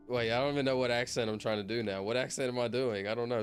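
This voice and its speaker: A man's voice: medium pitch, quick pace, hardly any pauses, soft background music. A man streaming while he counts aloud, chatting casually and drifting off topic as he talks to himself. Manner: rambling, easily sidetracked, talks to himself. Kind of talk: casual livestream chat.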